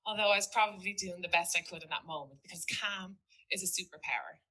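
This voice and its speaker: A teacher speaking to an audience, telling a story in an earnest, reflective way. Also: female voice, fairly low pitch, fast talker, pushed and bright, rough recording. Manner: earnest, reflective, quotes a student in dialogue. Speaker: teacher giving a talk.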